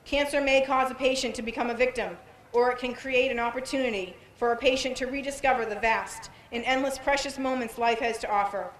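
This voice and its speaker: Woman, cancer patient, earnest prepared speech, somewhat high voice, echoey sound. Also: steady tone, fairly quick. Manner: earnest, determined reading. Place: outdoor event.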